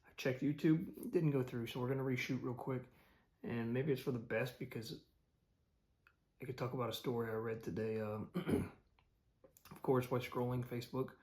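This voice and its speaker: A man's voice: medium pitch, fairly even intonation, moderate pace, darkish tone. Rambling man telling a story to camera. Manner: rambling, loose, many fillers and restarts. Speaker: vlogger. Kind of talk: casual storytelling vlog.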